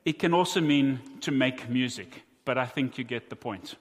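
A man with a South African accent preaching a sermon, earnest and deliberate, with wry asides to his congregation. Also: mid-range voice, big-room sound. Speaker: pastor.

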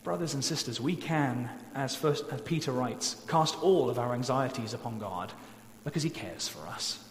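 A man preaching a sermon as pastor, earnest and pleading, slowing down to stress key points. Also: mid-range voice, animated. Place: church sanctuary. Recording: echoey church hall, faint hum.

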